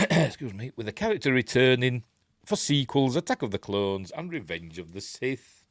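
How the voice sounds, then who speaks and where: A man's voice: mid-range voice, very animated, moderate pace, dry recording. A man with a Yorkshire accent hosting a live news stream, reading articles aloud and mocking them in a chatty, sarcastic way. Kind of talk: casual live-stream commentary.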